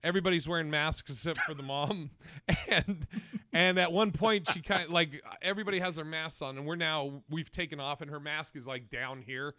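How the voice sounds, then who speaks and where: A young man hosting a casual comedy podcast, talking in an animated way, laughing often and acting out the people he quotes. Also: on the high side, normal speed, no room sound, clean studio sound. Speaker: podcast host.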